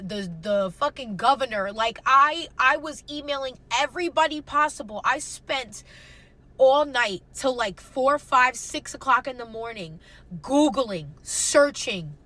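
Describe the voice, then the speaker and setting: Bright-voiced young woman, raw and swearing. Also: sits high. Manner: raw, emotional, heavy swearing; fast, repeating phrases, slangy. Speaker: storyteller. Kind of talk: casual storytime.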